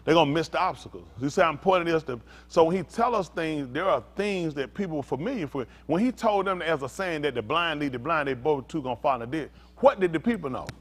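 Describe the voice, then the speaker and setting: A man delivering a teaching sermon with a lively, sing-song delivery that rises and falls constantly. His voice sits slightly high, and he keeps drawing listeners in with questions in relaxed, everyday speech. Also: fast talker, hardly any pauses. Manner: animated, calls out to listeners, laughs and shouts at times; casual vernacular, asks "y'all understand?". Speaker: pastor.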